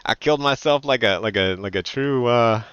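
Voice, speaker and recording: A man from California chatting casually and swearing freely while streaming a game, now and then slipping into loud mocking voices. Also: medium pitch, moderate pace, smooth, no echo, highs cut off. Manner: animated, profane, slips into loud mocking voices. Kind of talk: casual gaming commentary.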